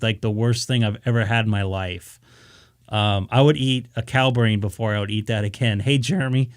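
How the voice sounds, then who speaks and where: A man's voice: medium pitch, dry recording, studio quality. A man on a ham radio live stream, casually telling a story and acting out his own reactions. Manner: animated, acts out his own reactions, many restarts.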